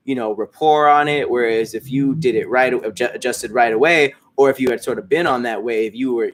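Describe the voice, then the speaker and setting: A man hosting a casual stream, chatting with his fans in a loose, rambling way, with frequent restarts and casual swearing. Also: mid-range voice. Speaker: host. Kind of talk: casual livestream chat answering fans.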